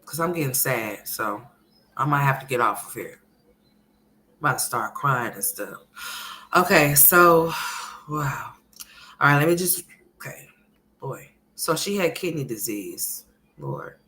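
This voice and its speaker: A woman with a rumbling low voice hosts a casual livestream at normal speed, chatting with her viewers and calling them honey and sweetheart. Chatty and emphatic, she swings between loud, animated bursts and soft murmurs.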